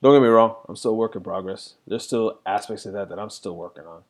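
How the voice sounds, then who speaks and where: A man's voice: fairly low pitch, quick pace. A middle-aged man reflecting candidly in a rambling casual monologue, full of fillers. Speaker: vlogger.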